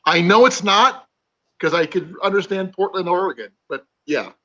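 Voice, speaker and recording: Man from Iowa, higher voice, chatty rambling, muffled lo-fi remote audio. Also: lively intonation, moderate pace, bright, forceful tone. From Iowa, USA. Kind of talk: casual live-stream chat.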